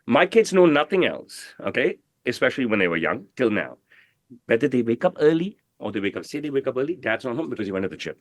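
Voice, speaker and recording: A man's voice: medium pitch, big pitch swings, quick pace, dry recording. A middle-aged man, a tailor, giving a brash, profane and emphatic interview, full of "bro" and "you know what I mean". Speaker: guest, tailor. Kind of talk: casual interview talk.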